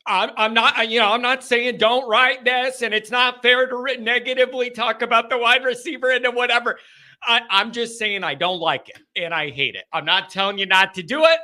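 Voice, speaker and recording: Casting note: excitable male call-in host, high and sharp-toned, rambles and circles back on himself. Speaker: sports call-in show host. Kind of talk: live call-in show monologue.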